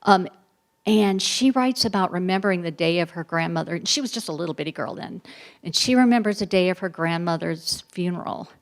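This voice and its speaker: A middle-aged woman historian, a guest speaker who answers audience questions with animated, emphatic storytelling and asides. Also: lowish voice, a little fast, gravelly.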